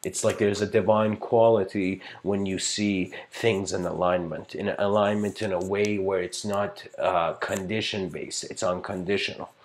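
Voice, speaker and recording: A man's voice: sits low, steady tone, moderate pace, hardly any pauses, a little hiss or hum. A man giving a livestreamed philosophical lecture in an earnest, rambling way, full of fillers and searching for words. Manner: rambling, filled with "you know" and "like".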